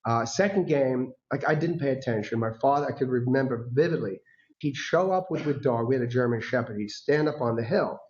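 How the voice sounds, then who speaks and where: A man giving a talk as a guest speaker, telling personal stories in a lively way, acting out the voices of people he quotes and laughing often. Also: medium pitch, fairly quick. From United States. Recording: dull lo-fi recording.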